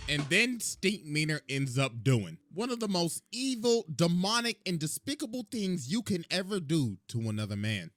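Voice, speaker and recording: A man's voice: a little high, sing-song, moderate pace, hardly any pauses, a bit bright. A young man narrating a comic story in a sing-song, exaggerated way. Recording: music playing behind.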